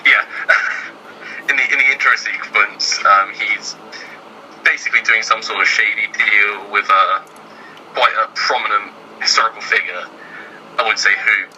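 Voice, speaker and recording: A man's voice: lowish voice, fairly even intonation, unhurried, bright, forceful tone, slight background noise, low-quality recording. A man talking as a guest writer in casual chat, hesitant and filling his speech with ums and "sort of".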